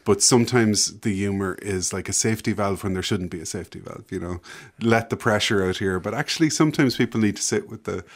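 Reflective low-voiced man. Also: fast, few pauses. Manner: reflective, hesitant, laughs often. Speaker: author and guest. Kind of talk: casual conversation.

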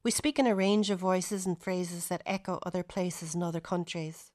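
A woman's voice: fairly low pitch, fairly even intonation, moderate pace, a little mellow. A woman with a Donegal Irish accent reading a first-person radio essay in a reflective, storytelling way. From Donegal, Ireland, via Ohio.

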